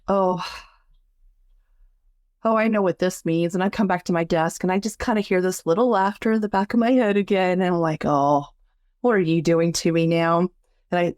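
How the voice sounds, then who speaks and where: A woman telling a personal story in a lively, casual way, acting out the voices she quotes and laughing along. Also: no room sound, studio quality. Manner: animated, acts out quoted voices with big pitch jumps; laughs often while telling. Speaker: guest storyteller.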